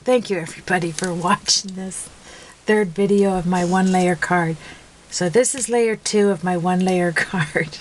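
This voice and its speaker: A woman's voice: lowish voice, measured pace, slight background noise, rough recording. A woman chatting casually while making a card, giggly and rambling, laughing at herself. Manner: giggly, rambling, self-mocking. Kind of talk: casual crafting video chat.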